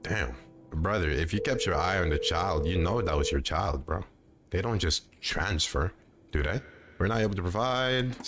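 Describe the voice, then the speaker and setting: A man's voice: low voice, noisy background. A man casually commenting on a game and reading its text aloud, stumbling over words. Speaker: gamer.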